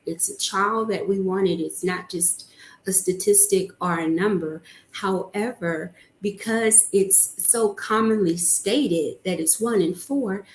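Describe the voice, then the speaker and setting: Earnest low-voiced woman in an echoey room. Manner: earnest, candid and conversational, with frequent ums and restarts. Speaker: podcast host. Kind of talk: personal podcast talk to listeners.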